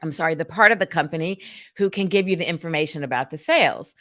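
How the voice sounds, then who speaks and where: A woman quoting a pushy, slow-talking male sales agent in a light put-on voice. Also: sits low. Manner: slow, flat salesman patter.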